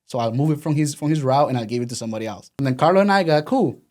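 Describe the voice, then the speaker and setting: A man's voice: medium pitch, racing. A man in his thirties from Venezuela with a Spanish accent, telling his story as a guest in a casual interview and acting out the voices of the people he quotes. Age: 30s. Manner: animated, acts out quoted voices.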